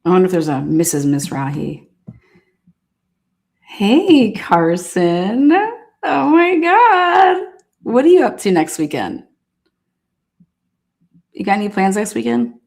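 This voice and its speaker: A woman's voice: on the low side, very animated, unhurried, creaky, long pauses, warm tone. A woman hosting a live stream, chatting casually with viewers in a sassy, blunt way and swearing now and then. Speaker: livestream host.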